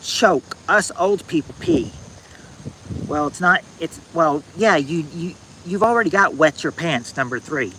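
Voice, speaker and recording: Outdoors at night on his phone, a man hosts a casual livestream trivia game, reading viewers' answers aloud. His voice sits on the high side with lively intonation over a noisy background, and he's halting and repetitive, restarting phrases and drawling out the answers.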